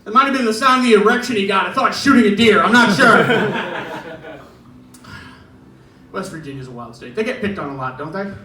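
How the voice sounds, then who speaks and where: A man's voice: high-pitched, animated, normal speed, pauses often, echoey room, distant mic, background noise. A man doing a stand-up set in a club, chatty and chuckling through his punchlines. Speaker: stand-up comedian. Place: comedy club stage.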